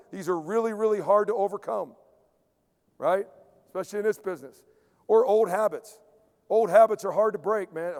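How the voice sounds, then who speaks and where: A man, a strength coach, giving an emphatic conference lecture, repeating key points and dropping into quiet acted-out asides. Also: sits high. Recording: long hall reverb.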